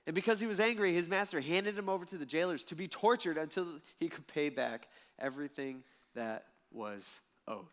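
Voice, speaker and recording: A male pastor preaching a sermon, telling a parable with lively, animated delivery. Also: a little high, normal speed, hardly any pauses. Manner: lively storytelling preacher, acts out voices in the parable.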